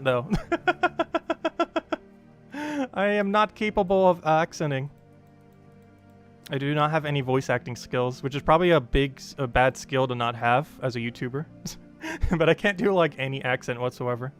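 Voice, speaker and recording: Young man, New Jersey accent, mid pitch, casual streamer chatter full of fillers. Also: smooth. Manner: rambling, frequent fillers, laughs often. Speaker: gaming livestream host. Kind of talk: casual livestream chat.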